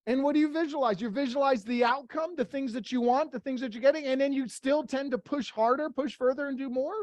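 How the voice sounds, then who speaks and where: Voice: sits high, a little fast, a little mellow, no room sound. A workshop leader giving an interactive motivational talk, firing rhetorical questions at the group in a plain, blunt way with casual swearing.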